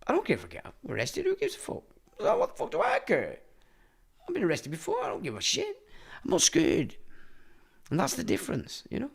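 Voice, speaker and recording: A middle-aged man delivers a rambling livestream monologue. His talk is blunt and full of swearing, and his pitch swings widely as he rants. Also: wildly swooping pitch, fairly quick, creaky, slightly rough. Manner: blunt, profane, ranting. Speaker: livestream host.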